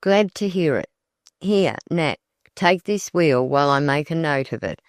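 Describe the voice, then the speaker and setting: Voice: mid-range voice, expressive, unhurried, no echo. A narrator reading the part of Ned, a wry, joking young man. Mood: teasing.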